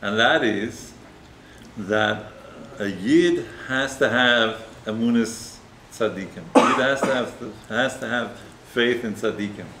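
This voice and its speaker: Speaking slowly at a medium pitch, a rabbi preaches in a conversational manner, telling a story and frequently ending points with tag questions. The sermon is recorded with a roomy echo and faint background noise.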